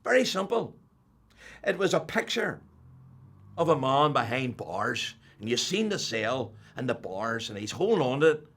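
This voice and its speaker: Older man, Northern Irish accent, faith testimony, lively storytelling, soft and loud by turns. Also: medium pitch, husky. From Northern Ireland. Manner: animated storyteller, swings from hushed to loud. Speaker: testimony speaker.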